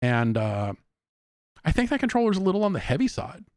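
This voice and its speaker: A man's voice: sits high, huge pitch swings, a little fast, darkish tone, dry recording, studio quality. A man hosting a podcast, talking casually over a video call, rambling with frequent restarts. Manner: rambling, hesitant, many restarts. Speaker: podcast host. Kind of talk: casual chat.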